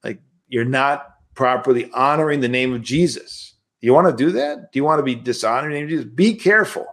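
A man's voice: mid-range voice, fast, a bit bright. A man, a priest, giving a livestreamed spiritual lecture in a conversational, emphatic way, often asking rhetorical questions.

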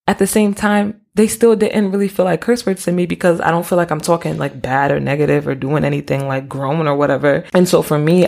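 Woman with vocal fry, casual explainer. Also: sits low. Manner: relaxed, explains with casual slang and asides. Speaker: podcast host.

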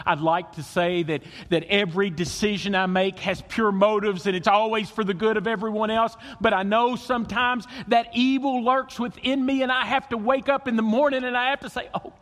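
A man preaching a sermon as pastor, swinging between loud emphasis and hushed, intimate tones. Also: high voice, fairly even intonation, normal speed, few pauses, big-room sound.

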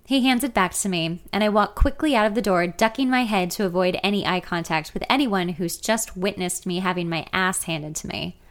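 A woman's voice: medium pitch, a little fast, few pauses. A woman in her thirties reading her own memoir aloud in the first person, candid and conversational. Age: 30s. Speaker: author narrating her memoir.

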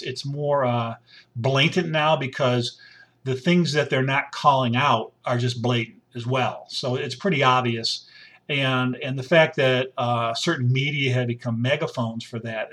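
A man's voice: medium pitch, a bit bright. Blunt rambling man talking politics. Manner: blunt, rambling, repeats himself. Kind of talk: casual solo commentary.

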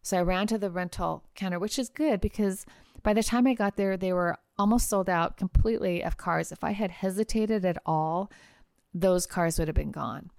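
A woman hosting a podcast, telling a personal travel story in a chatty, animated way with casual fillers. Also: lowish voice, moderate pace, gravelly, dry recording, clean studio sound. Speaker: podcast host and trial lawyer.

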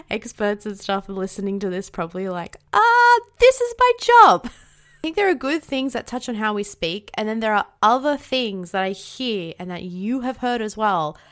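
An Australian woman hosts a casual solo podcast in a mid-range, somewhat bright voice. She's bubbly and outspoken, swears freely, and her sentences tend to end with a rising inflection.

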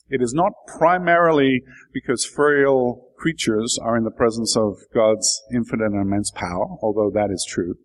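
A man preaching a sermon and explaining his text in a reflective teaching manner. His voice sits at an ordinary middle pitch, and he rises into emphatic, lifted stretches before settling back down. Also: rough recording. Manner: thoughtful, explanatory, builds to emphatic bursts.

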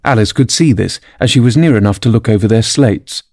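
A man narrating a classic storybook aloud in scripted, expressive storytelling. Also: fairly low pitch, fairly quick, dry recording, studio quality. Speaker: audiobook narrator.

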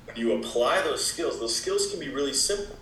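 A man talking as a wellness expert guest in a casual interview, with a relaxed, explaining manner full of "you know" fillers. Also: a little high, fairly quick, slight background noise. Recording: echoey room.

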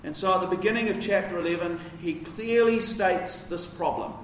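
A man's voice: high-pitched, moderate pace, a little hiss or hum. A man preaching a sermon in a conversational, emphatic way, with casual asides. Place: church. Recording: roomy echo from a distance.

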